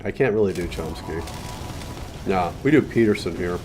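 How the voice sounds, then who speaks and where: A man's voice: lively intonation, moderate pace, long pauses, a little mellow, husky. A man streaming a video game, muttering casual commentary with frequent swearing. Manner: muttering, swearing, low-key.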